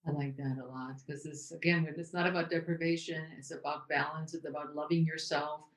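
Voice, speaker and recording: A woman's voice: sits low, fairly even intonation, brisk. A woman hosting an interview, affirming her guest and asking for tips. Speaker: host. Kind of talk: casual interview talk. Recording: echoey room.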